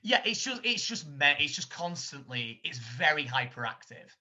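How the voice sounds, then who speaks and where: A man co-hosting a casual film podcast, rambling and animated as he retells scenes, often laughing. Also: on the high side, normal speed. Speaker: podcast co-host. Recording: dull lo-fi sound.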